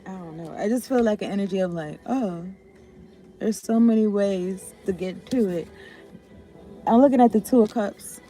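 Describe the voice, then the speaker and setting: A woman's voice: mid-range voice, normal speed, warm tone, soft background music. A woman giving a loose, rambling tarot reading, swearing and often trailing off. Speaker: tarot reader.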